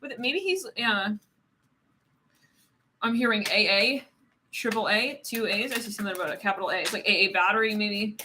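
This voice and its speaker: A woman's voice: mid-range voice, brisk, long pauses, bright, forceful tone, a little hiss or hum. A woman doing a live tarot reading, rambling and giggling, filling her talk with "it's like". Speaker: tarot reader.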